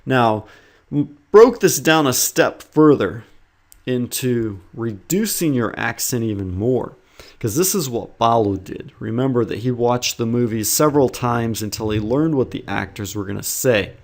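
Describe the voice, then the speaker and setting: A male English teacher talks straight to his students in a patient, encouraging tone. He lays out each step of pronunciation practice one at a time. His voice sits at an everyday middle pitch. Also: lively intonation, a little slow. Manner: earnest and encouraging, explains step by step. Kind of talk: instructional talk to learners.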